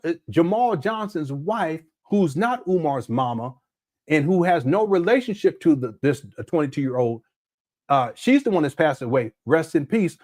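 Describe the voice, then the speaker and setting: A man's voice: on the high side, a little mellow. A man hosting a live commentary show, talking in an emphatic, conversational way with many repeats. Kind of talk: livestream commentary.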